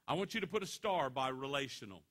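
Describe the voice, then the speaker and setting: A man giving a motivational speech to students, telling stories in an animated, joking way. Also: medium pitch, fast. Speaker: motivational speaker.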